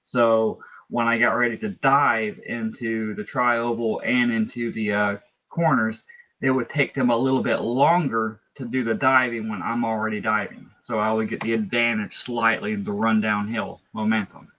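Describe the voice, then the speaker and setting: Male driver, low voice, rambling explainer, muffled lo-fi line. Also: steady tone, normal speed. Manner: rambling, explains at length with restarts. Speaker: race driver. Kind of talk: post-race interview.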